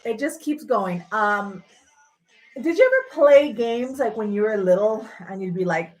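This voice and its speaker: A woman's voice: mid-range voice, lively intonation, measured pace, darkish tone, low-quality recording. A woman hosting a livestream, ranting casually and sarcastically, swearing freely. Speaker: livestream host. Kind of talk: casual rant.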